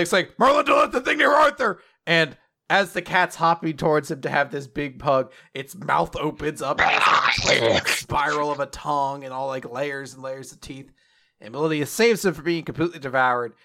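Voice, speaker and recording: A man co-hosting a casual chat, animatedly retelling a comic with quick bursts of quoted voices. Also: medium pitch, sharp tone. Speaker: podcast co-host.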